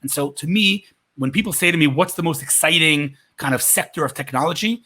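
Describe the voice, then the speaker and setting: A man with a quick, energetic delivery and a bright, forceful tone, audibly husky around the edges. He talks as an enthusiastic podcast guest in a lively back-and-forth. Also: fairly high pitch. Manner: animated, enthusiastic storyteller. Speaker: podcast guest, tech marketer. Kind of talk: conversational interview.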